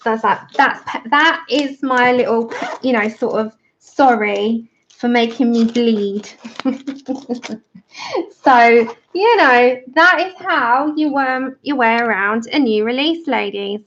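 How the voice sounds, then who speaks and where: A woman's voice: fairly high pitch, slow, fairly bright tone, dull audio, slight background noise. A woman chatting and telling stories while colouring on a livestream, laughing often. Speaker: livestream host.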